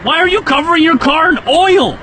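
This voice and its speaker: A man's voice: very high-pitched, a little fast, sharp tone, a little hiss or hum, voice pushed up. A man voicing an exasperated male weigh-station attendant who scolds in a fed-up way.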